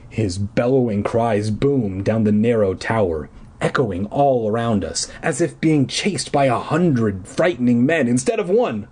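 A man reads a story aloud with a husky voice that moves a lot in pitch. He reads in a playful way and adds jokes between the lines. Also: darkish tone. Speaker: storyteller reading a book aloud. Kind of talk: joking read-aloud narration.

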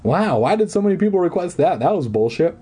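A man's voice: on the high side, big pitch swings, quick pace, warm tone, husky. A man reading a children's horror book aloud and then chatting in a crude, sarcastic, rambling way. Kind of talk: storybook reading and casual chat.

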